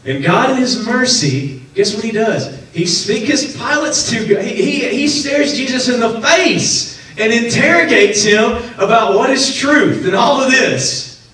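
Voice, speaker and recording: A man preaching a sermon as pastor, animated, acting out the people in his stories and laughing often. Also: extremely high pitch, unhurried, recorded from a distance. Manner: animated, acts out quoted voices, laughs often. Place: church sanctuary. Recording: echoey hall, preacher off-mic, faint noise.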